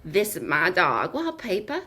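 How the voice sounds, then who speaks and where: A brassy old New Jersey grandmother , as a woman puts her on, speaks in a lowered, nasal voice. Her tone is bold and sharp but keeps slipping into giggles. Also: huge pitch swings, a little slow, heavily acted.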